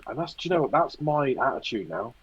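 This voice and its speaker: A man's voice: medium pitch, very animated, fast talker, husky, lo-fi sound. A man co-hosting a podcast in casual chat, telling stories and acting out what he thought at the time. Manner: storytelling, acts out what he thought. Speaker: podcast co-host.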